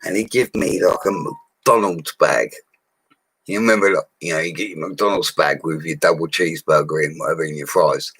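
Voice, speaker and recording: Man in his forties, very low voice, dry close sound, rambling casual chat. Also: normal speed, a bit bright, slightly rough, no echo, low-quality recording. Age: 40s. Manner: rambling, chatty, slangy. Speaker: live-stream host. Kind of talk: casual live-stream chat.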